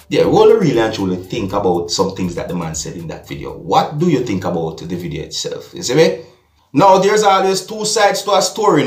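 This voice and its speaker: A man's voice: medium pitch, recorded from a distance. A Jamaican man hosting a vlog, talking through news with his viewers and often asking "you see me". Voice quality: patois-tinged, repeats "you see me". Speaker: vlogger. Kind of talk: casual news commentary. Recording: roomy echo, off mic, music behind.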